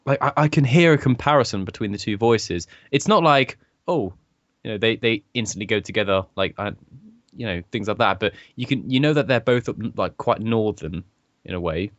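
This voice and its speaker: A man's voice: on the low side, fairly quick, dry recording. A young man from England co-hosting a podcast, rambling casually, swearing and laughing a lot. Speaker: podcast co-host. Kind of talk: casual chat. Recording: dry, muffled lo-fi audio.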